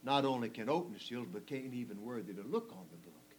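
Preacher swinging loud and hushed. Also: male voice, mid-range voice, fast, slight background noise. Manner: swings between loud emphasis and hushed asides, chuckles often; folksy and conversational. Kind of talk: sermon.

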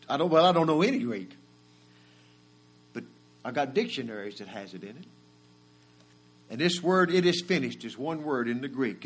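A man, preaching a sermon and swinging from soft murmurs to loud, drawn-out cries. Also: medium pitch. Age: 40s.

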